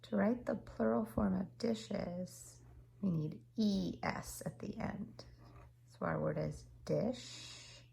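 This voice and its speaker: A woman teaching kindergarten remotely from home, speaking slowly and patiently in simple words for young children. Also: mid-range voice, creaky, mellow, roomy sound, slight background noise. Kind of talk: remote class lesson.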